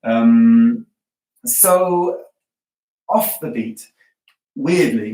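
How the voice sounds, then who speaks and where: Roomy, distant drum teacher counting aloud. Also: male voice, mid-range voice. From England. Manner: chanting drum patterns and stickings aloud; relaxed, encouraging, chatty. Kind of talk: guided practice lesson. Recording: roomy, distant sound with music behind. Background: metronome and drumming.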